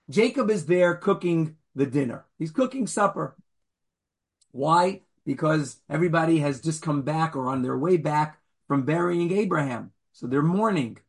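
Animated, husky, high-voiced man lecturing. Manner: animated, acts out the figures with sudden jumps in pitch and loudness; conversational, jokes with the audience. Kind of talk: Torah lecture.

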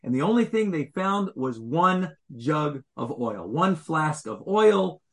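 Male teacher giving a Torah class; slightly high voice; explains Hebrew wording and quizzes the room. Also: sing-song, slow pace.

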